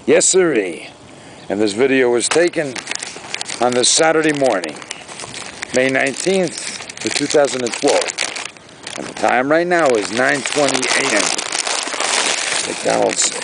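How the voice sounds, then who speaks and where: A vlogger with a medium-pitched, gravelly voice full of vocal fry chats to his camera outdoors by a lake, with heavy background noise. He rambles and launches into exaggerated rants in a casual, talkative way.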